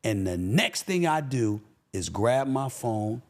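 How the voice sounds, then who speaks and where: A man talking as a podcast guest, an animated, emphatic storyteller who repeats phrases for punch. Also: medium pitch, takes it slowly. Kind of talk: casual interview talk.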